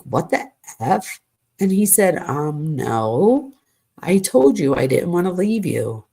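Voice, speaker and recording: Animated woman with a gravelly, husky voice. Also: fairly low pitch. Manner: animated, exasperated asides. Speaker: true crime commentator. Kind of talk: reading messages aloud with commentary.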